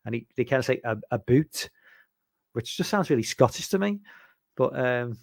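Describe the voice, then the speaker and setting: A man's voice: mid-range voice, expressive, fairly quick, vocal fry, no echo. A man from England chatting casually about horror films, rambling and hesitant, with lots of ums and restarts. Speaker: podcast host.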